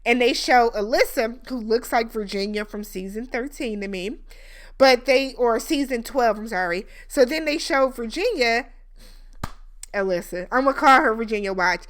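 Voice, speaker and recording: A woman's voice: fairly high pitch, expressive, normal speed, fairly bright tone. A woman hosting a reality TV recap, talking in a chatty, opinionated way with lots of fillers. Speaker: recap show host. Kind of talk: casual TV recap commentary.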